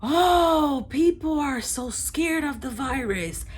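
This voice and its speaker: A woman's voice: high-pitched, lively intonation, takes it slowly, background noise, voice pushed up. A woman putting on a bellowing, ranting man. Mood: yelling defiant. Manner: yelling at the top of his lungs. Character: loud ranting unmasked man in a bakery.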